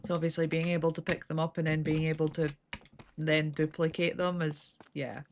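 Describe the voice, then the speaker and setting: A woman's voice: sits low, flat delivery, brisk, noisy background. A woman chatting casually with friends while gaming, self-deprecating and often trailing off mid-sentence. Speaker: streamer playing with friends.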